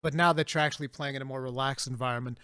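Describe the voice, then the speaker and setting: A man hosting a casual gaming podcast, telling animated stories and laughing often. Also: mid-range voice, rapid-fire, clean tone, no echo, clean studio sound. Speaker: podcast host.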